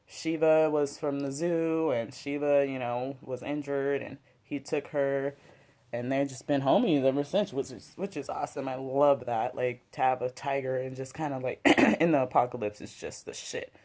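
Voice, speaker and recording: With a mid-range, darkish voice, this host chats loosely about a TV episode from home, drink and smoke in hand. The review is slangy and casual, peppered with "like," "you know," and a bit of swearing.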